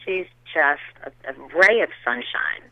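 A middle-aged woman from the American South, a theater director answering interview questions and warmly praising her colleagues. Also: low-pitched, animated, a little slow, dry recording. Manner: warm, enthusiastic praise of colleagues. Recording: tinny phone-line sound.

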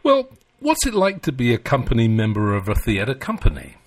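A man hosting a radio show, reading measured introductions and then asking easy conversational questions. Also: medium pitch, huge pitch swings, no room sound. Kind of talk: radio interview.

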